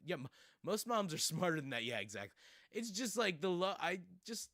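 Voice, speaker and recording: A man's voice: sits high, very animated, normal speed, fairly bright tone, no echo, studio quality. A man hosting casual commentary, sarcastic and rambling with fillers and laughs. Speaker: streamer host.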